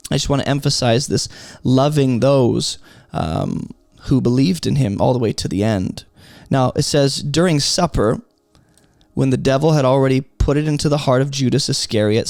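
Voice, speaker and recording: Gravelly-voiced man teaching Bible verses. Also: medium pitch, darkish tone, no echo. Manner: emphatic, explanatory, asks rhetorical questions.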